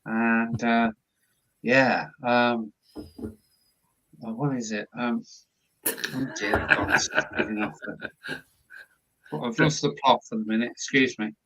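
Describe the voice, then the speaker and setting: Man, Kent accent, live-stream host, casual rambling chat, chuckles, mid pitch. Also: fairly even intonation, slow, long pauses, a bit bright, poor audio. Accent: Kent English. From Dover, Kent, England. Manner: rambling, chuckling, lots of fillers. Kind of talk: casual chat while painting.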